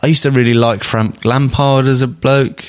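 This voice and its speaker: A man's voice: mid-range voice, fairly even intonation, moderate pace. A man co-hosting a casual football podcast, blunt and jokey, swearing freely. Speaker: podcast co-host.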